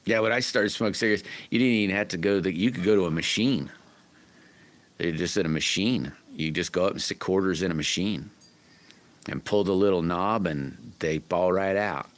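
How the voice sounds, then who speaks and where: A man's voice: sits low, normal speed. A middle-aged man hosting a livestream, chatting casually with viewers in a folksy, rambling way full of restarts. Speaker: livestream host.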